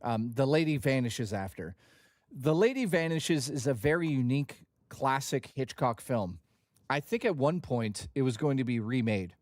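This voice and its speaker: A man's voice: medium pitch, lively intonation, normal speed, a little mellow, no echo, studio quality. A man hosting a livestream, talking in a casual, jokey and profane way. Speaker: livestream host.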